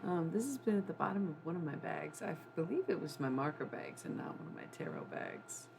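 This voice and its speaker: A woman's voice: deep voice, sing-song, brisk, vocal fry, background noise. A woman hosting a casual livestream from her desk, playful and rambling, now and then singing bits of songs. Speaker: livestream host. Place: home room at a desk.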